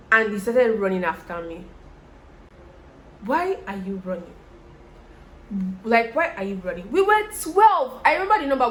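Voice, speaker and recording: With a bit of hiss or hum in the recording, a young woman vlogger from Nigeria speaks in a mid-range voice and a Nigerian accent. She tells a story while applying make-up, animated and chatty, talking straight to viewers.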